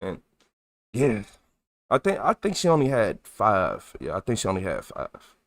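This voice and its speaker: A man livestreaming from home, telling a rambling, animated story in casual slang. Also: lowish voice, measured pace.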